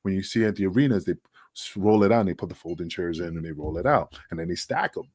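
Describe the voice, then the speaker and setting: A man's voice: sits low, animated, fast, a little hiss or hum. A middle-aged man, a wrestling guest, telling a story in casual chat, acting out quotes and swearing freely.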